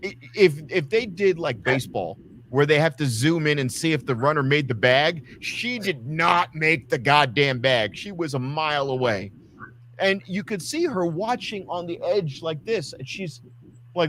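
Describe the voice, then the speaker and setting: A man's voice: a little high, animated, moderate pace, a bit bright, slight background noise. A man co-hosting a casual wrestling talk show, ranting with lots of swearing and acting out quotes. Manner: ranting, profane, acts out quotes. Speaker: podcast co-host.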